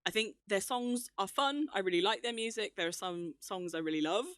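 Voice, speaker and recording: A woman's voice: medium pitch, fairly quick, no room sound, clean studio sound. Chatty enthusiastic woman. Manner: enthusiastic, chatty, laughs often. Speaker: podcast co-host. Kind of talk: casual chat.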